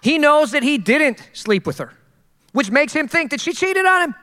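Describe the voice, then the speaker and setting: A male pastor preaching a sermon in an animated, conversational way, with jokes along the way. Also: extremely high pitch, normal speed. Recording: long hall reverb.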